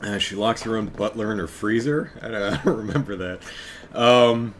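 A man's voice: lowish voice, moderate pace, slight background noise. A man hosting a casual live podcast chat, rambling, laughing often and correcting himself as he goes. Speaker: podcast host.

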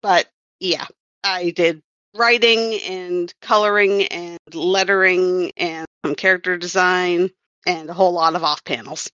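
A woman's voice: on the low side, steady tone, a little slow, fairly bright tone, dry recording, highs cut off. A woman who worked as a comics writer and colorist, chatting casually on a podcast and rambling with wry self-corrections.

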